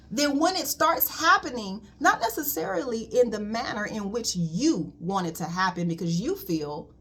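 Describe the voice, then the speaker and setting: A woman's voice: a little high, a bit bright, husky. A woman colon hydrotherapist giving a casual spiritual wellness talk, emphatic and repetitive, calling listeners "queen.".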